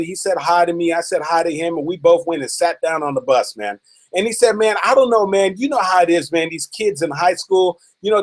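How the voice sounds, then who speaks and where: High-voiced man telling a motivational story. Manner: retells a story in quoted dialogue, often saying "man"; builds the story slowly, then quickens for dramatic moments. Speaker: motivational speaker.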